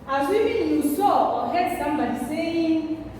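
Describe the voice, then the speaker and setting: A woman gives a classroom lesson in a high, clear voice. She speaks slowly and stresses her words so learners can follow. The recording is distant and very echoey, with a long reverb tail. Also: lively intonation. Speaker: teacher. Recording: echoey room, distant mic, faint hiss.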